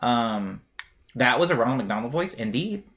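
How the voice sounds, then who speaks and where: A man's voice: mid-range voice, lively intonation, moderate pace, a bit bright. A young man streaming live, reading chat aloud and rambling in a chatty, jokey way. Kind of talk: casual chat.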